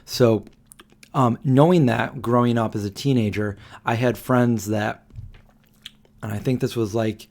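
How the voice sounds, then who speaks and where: A man's voice: medium pitch, steady tone, unhurried, a little mellow. A man in his forties hosting a live Q&A stream, telling a story in a rambling way with many fillers and restarts. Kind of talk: casual storytelling.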